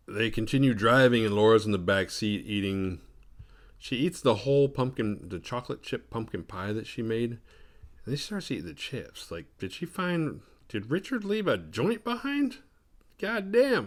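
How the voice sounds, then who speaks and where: Male host, lower voice, lively swings in pitch; sarcastic, profane comedic film recap with quick character voices. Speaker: horror movie recap host.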